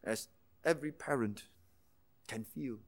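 A man preaching a sermon, moving between quiet explanation and impassioned, emphatic retellings, sometimes dropping almost to a hush. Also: medium pitch, unhurried. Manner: impassioned, rising to emphatic intensity then dropping to near-hushed tones.

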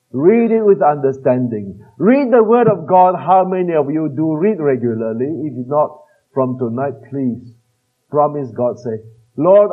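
A man preaching a sermon, earnest and emphatic, slowing down to quote scripture and trailing off softly at the ends of phrases. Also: mid-range voice, husky. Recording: tinny phone-like band-limited recording.

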